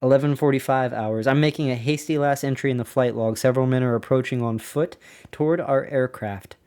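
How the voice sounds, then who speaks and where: A man's voice: medium pitch, a little fast, clean tone. A man hosting a casual podcast, reading an old diary aloud in a plain middle voice. He keeps breaking off to ask his listeners if they are following, sounding incredulous. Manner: animated, incredulous asides to listeners. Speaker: podcast host.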